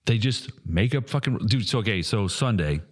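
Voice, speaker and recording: A low-voiced man holds forth on a casual podcast. He is blunt and heated, and he swears freely as he rants. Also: animated, brisk. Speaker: podcast co-host.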